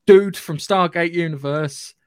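A man from Surrey with a southern English accent, co-hosting a casual podcast chat about films, animated, sweary and acting out scenes. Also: fairly high pitch, a little slow, clean tone, no room sound. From England, Surrey area. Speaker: podcast co-host.

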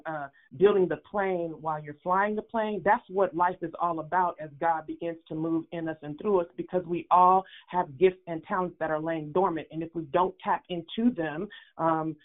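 Earnest woman testifying over the phone. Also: lowish voice. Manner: earnest, upbeat, talks with many fillers. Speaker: caller sharing a testimony. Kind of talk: testimony on a prayer call. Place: phone call. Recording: phone line.

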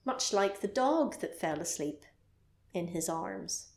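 A woman's voice: mid-range voice, animated, slow pace, vocal fry, reverberant. A woman co-hosting a podcast, chatting casually and animatedly as she retells a horror film with playful sound effects. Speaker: podcast co-host.

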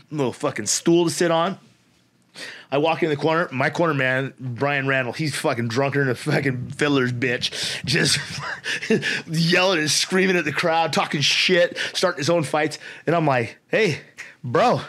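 A man in his forties telling a story as a podcast guest, swearing freely and laughing often. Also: a little high. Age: 40s. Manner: profane, animated, laughs often. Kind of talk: casual storytelling.

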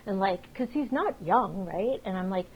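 A woman co-hosting a podcast, chatting casually and telling rapid, animated stories full of swearing. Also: medium pitch, lo-fi sound, a little hiss or hum. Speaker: podcast co-host. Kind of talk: casual chat.

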